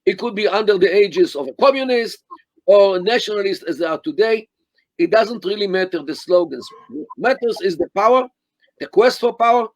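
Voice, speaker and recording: Older man, high voice, emphatic and halting. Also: dry recording. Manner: deliberate, emphatic, many restarts and fillers. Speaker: interview guest, Middle East scholar. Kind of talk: live video interview.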